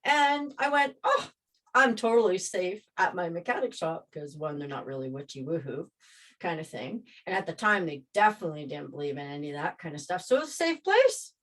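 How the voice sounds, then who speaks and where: Low-voiced woman telling a story. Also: a little fast. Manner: rambling, animated, re-enacts scenes. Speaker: vlogger telling a personal story. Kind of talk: casual personal storytelling.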